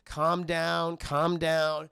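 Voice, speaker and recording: A man's voice: sits high, normal speed, gravelly, fairly bright tone, smooth, no room sound, studio quality, exaggerated voice. A man voicing a flustered mother who repeats her pleas and reassurances in a hurry. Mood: soothing. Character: flustered mother, pleading then soothing.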